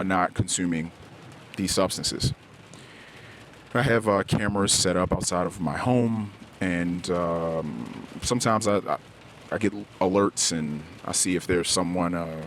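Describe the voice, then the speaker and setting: Middle-aged male podcast host, very low voice, halting confessional delivery, quiet background hum. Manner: halting and candid, frequent restarts and searching for words. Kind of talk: personal confessional podcast monologue. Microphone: podcast microphone, self-recorded.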